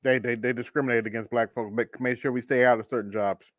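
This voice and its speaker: A man's voice: mid-range voice, fairly even intonation, fast talker, no room sound. Guy host chatting laid back, little sarcastic, dry muffled lo-fi sound. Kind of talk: casual commentary.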